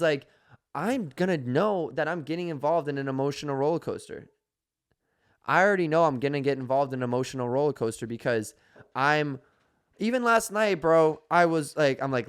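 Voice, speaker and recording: A man's voice: mid-range voice, clear, resonant tone. A young man co-hosting a podcast in casual chat, telling stories animatedly and acting out his own reactions. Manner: animated storyteller, acts out reactions in quoted voices. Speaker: podcast co-host.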